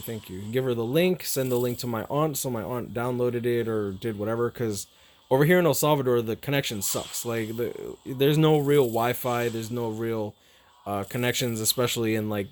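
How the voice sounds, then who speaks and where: A young man talking casually to his viewers, rambling and repeating himself, swearing freely, halting and emotional. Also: mid-range voice, slight background noise. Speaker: streamer.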